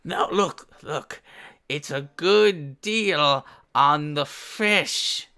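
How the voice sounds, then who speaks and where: A man voicing a hunched old male street peddler who hawks his wares loudly and insistently. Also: fairly high pitch, very slow, smooth, heavily acted. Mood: pushy hawking. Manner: loud hawking, insistent.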